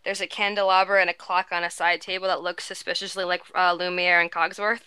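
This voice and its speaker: A woman with an exceptionally clear, bright voice asking her co-hosts about details she noticed in a show. She talks casually and inquisitively, filling gaps with um and like. The sound is dry and close. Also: on the low side, little pitch movement, fairly quick, no echo. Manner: curious, questioning, lots of fillers. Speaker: podcast co-host. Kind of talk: casual TV recap chat.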